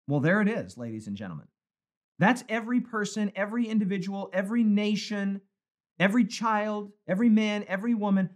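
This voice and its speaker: A man's voice: sits high, brisk. A man teaching a Bible study as a pastor, conversational and emphatic, with repeated phrases for emphasis, recorded for a live stream. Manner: animated, conversational, emphatic repetition. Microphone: phone or webcam for a live stream.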